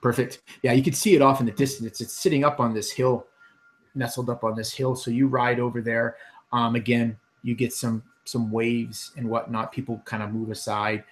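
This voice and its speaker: A man narrates a tabletop adventure as its game master. He talks in a loose, rambling way, full of restarts and filler words, at an ordinary pitch for a man. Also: flat delivery, moderate pace. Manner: rambling, many ums and restarts. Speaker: dungeon master.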